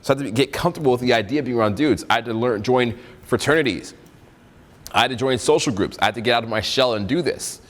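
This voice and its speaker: A young man with a mid-range voice talks fast while giving a live dating and self-improvement seminar to an audience. He's animated and direct, acting out quotes in funny voices, and the seminar room adds hall reverb.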